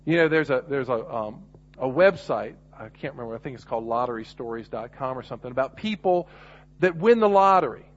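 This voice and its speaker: A man's voice: mid-range voice, expressive, fairly quick. Man preaching on a muffled recording. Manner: earnest, rises to emphatic points, frequent restarts. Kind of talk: sermon.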